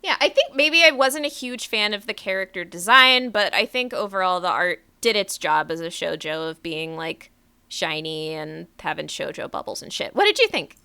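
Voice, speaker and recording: A woman's voice: lowish voice, normal speed, pushed and bright, smooth. A woman hosting a podcast, chatting casually and animatedly, swearing freely and laughing often. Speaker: podcast host.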